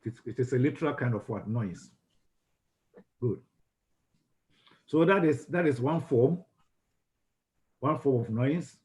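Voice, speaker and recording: A man's voice: mid-range voice, lively intonation, slow, long pauses, darkish tone. A man with a Ghanaian English accent giving a classroom lecture on communication. He often repeats and restarts his words and puts questions to the class.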